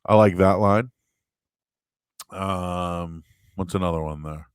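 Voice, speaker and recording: A man hosting a show, chatting casually and answering viewer questions in a rambling, animated way with sudden loud, high bursts. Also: slow pace, clear, resonant tone, no echo. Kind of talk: casual live-stream chat.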